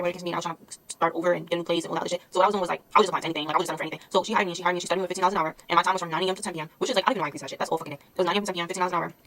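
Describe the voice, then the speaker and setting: A woman's voice: lowish voice, a bit bright, slight background noise. A young woman, telling a blunt, exasperated storytime in a casual vlog, swearing freely. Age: early 20s. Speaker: vlogger.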